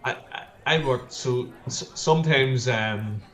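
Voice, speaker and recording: This guest is a plasterer from Northern Ireland with the accent to match, speaking in a mid-range, somewhat bright voice at an unhurried pace. In an echoey room, he swaps stories in relaxed interview chat, often repeating his words.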